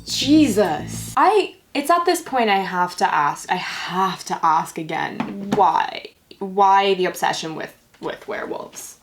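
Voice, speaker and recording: A woman's voice: medium pitch, very animated, a little slow, faint music behind. A young woman who reads fan fiction aloud, mocking it with sarcastic asides and breaking into laughter often. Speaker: YouTuber.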